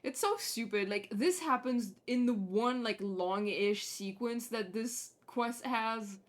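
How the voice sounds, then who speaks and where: A woman's voice: on the high side, slow. A tired woman streaming a video game, ranting with exasperation and swearing as she talks casually. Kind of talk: casual gameplay commentary.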